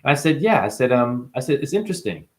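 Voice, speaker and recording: A man rambles to the camera in a boastful monologue, casting himself as a spiritual guru. His voice keeps lurching from loud, emphatic bursts down to low, muttered asides. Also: very animated, fast. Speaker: self-styled spiritual guru.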